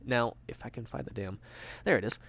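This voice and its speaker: A man's voice: medium pitch, gravelly, fairly bright tone, dry recording. A man casually narrating a game tutorial, rambling and swearing, with frequent restarts. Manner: rambling, profane, fast talk with restarts. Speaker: gaming channel host.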